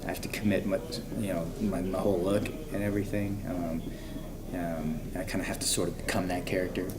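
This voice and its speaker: A man, an actor, chatting casually in an interview, relaxed and full of fillers like "you know.". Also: low voice, a little fast, a crowd in the background. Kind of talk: casual chat. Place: convention room with crowd around.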